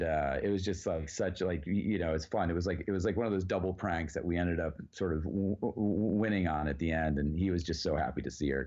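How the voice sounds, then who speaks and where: A man with a very low voice tells a story in a loose, rambling way, full of fillers and casual swearing. The recording sounds dull and a bit lo-fi. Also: a little mellow. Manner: rambling, lots of "like" and "you know", swears freely. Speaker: actor guest.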